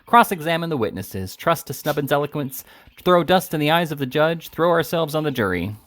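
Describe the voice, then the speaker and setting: A man's voice: on the high side, animated, a little fast, background noise, voice pushed up, lightly acted. A man doing a bustling little lawyer. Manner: bustling, chatty and knowing. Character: fussy little male lawyer, fond of snuff.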